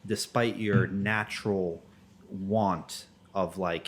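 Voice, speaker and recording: A man co-hosting a faith podcast, talking in a relaxed, slangy way with fillers. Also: sits low, measured pace. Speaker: podcast co-host. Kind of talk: casual faith podcast talk.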